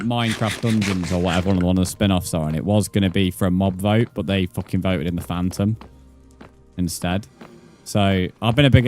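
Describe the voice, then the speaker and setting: Swearing, chatty gamer man. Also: sits low. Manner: chatty, swears often, talks to chat. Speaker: streamer. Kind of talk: casual live gameplay commentary.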